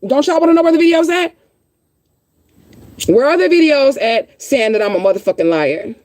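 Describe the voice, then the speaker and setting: A woman's voice: sits high, moderate pace, a little mellow, dry recording. A woman hosting her own livestream, ranting heatedly and swearing, repeating herself as she answers viewers. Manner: heated, profane, repetitive. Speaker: livestream host. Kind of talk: casual livestream rant.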